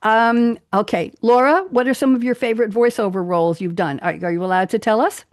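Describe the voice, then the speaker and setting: A woman's voice: a little high, a little fast, no echo, studio quality. A woman radio host from Queens with a New York accent, telling jokey stories on a live talk show. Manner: chatty, jokey storyteller.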